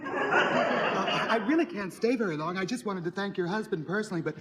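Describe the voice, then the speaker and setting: Man playing a soft-spoken, gracious female impersonator. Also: sits high, animated, fairly quick, very noisy. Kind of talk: 1970s sitcom acting.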